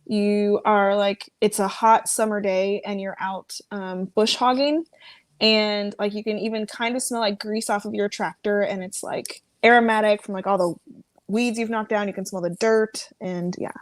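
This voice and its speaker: A woman from a small US farming town joins a casual video-call chat as a guest fragrance reviewer, rambling and giggling with lots of fillers. Her mid-range voice is steady in tone and moderate in pace, with no room sound.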